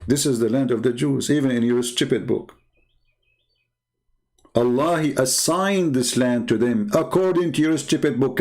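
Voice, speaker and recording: A man with a mid-range, darkish voice talks at normal speed. As an online religious debater, he gives an impassioned, combative monologue full of mockery that grows heated along the way.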